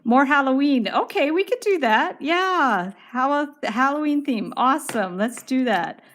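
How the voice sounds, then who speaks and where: A woman's voice: sits high, animated, measured pace, a bit bright. A middle-aged woman, hosting a casual livestream craft tutorial, chatting upbeat with viewers while she works. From Canada. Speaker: wire craft livestream host.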